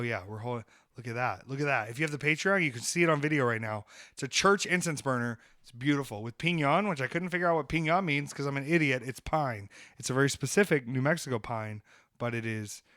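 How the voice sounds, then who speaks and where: A man's voice: mid-range voice, brisk, pushed and bright, no room sound. A man with a mid-range voice trash-talks on a podcast in a brash, comic, ranting way. The sound is dry and close on a studio mic. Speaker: podcast host and wrestler. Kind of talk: casual podcast chat.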